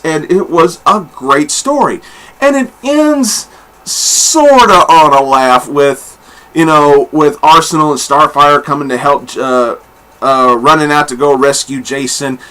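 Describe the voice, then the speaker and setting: Male comic reviewer, slightly high and bright, candid and profane, lots of fillers. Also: measured pace. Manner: blunt and candid, swears freely; rambling with many fillers and restarts. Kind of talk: casual review monologue.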